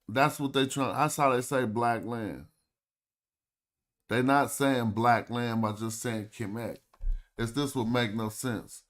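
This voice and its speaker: Hosting his own livestream, a man talks loosely and casually at a mid pitch with a slightly bright tone. It's a casual study session: he thinks aloud while reading, sounding out words slowly and stretching them out.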